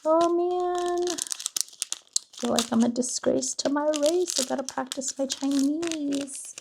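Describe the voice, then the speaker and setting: A woman's voice: high voice, slow pace, vocal fry, background noise. A young woman hosting a casual card-opening vlog, chatty and self-deprecating, often unsure of words. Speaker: card-opening channel host.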